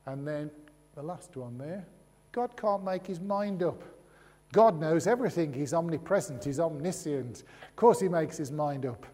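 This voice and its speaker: A man's voice: on the high side, normal speed, warm tone. A man giving a sermon in a chatty way, with humorous asides and rhetorical questions. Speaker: preacher. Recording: long reverb of a large hall.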